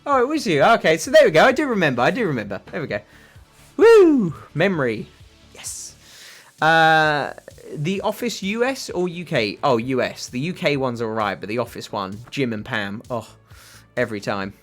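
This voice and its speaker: Rambling British livestream host. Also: male voice, a little high, sing-song, normal speed, a bit bright, faint music behind. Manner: rambling, self-deprecating, many fillers. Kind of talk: casual livestream chat answering viewers.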